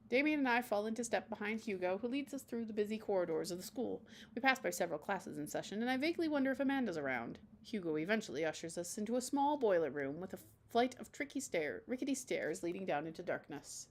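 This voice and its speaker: A woman's voice: medium pitch, expressive, fast, slight background noise. A woman streamer reading a dating game aloud, with casual, chatty asides between the lines.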